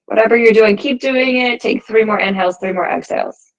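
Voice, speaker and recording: A woman teaching a yoga class, giving calm, encouraging cues timed to the breath. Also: a little high, brisk, lo-fi sound. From United States. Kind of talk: guided yoga class instruction.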